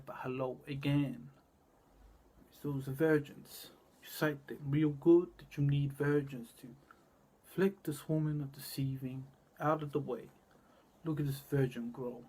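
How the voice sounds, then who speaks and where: Husky man in a cryptic rambling monologue. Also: medium pitch. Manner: cryptic and repetitive, drifting between murmurs and loud bursts.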